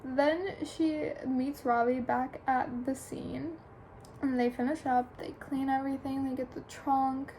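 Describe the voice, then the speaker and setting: A woman's voice: high voice, level tone, a little slow, mellow, a little hiss or hum, rough recording. A young adult woman chattily retelling a book's plot for a review, full of "like" and "um". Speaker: book reviewer. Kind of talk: casual plot recap.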